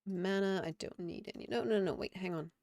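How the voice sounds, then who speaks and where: A woman's voice: mid-range voice, fairly quick, creaky, darkish tone, no echo, clean studio sound. A woman game streamer chatting casually and reflectively on a live stream, often laughing.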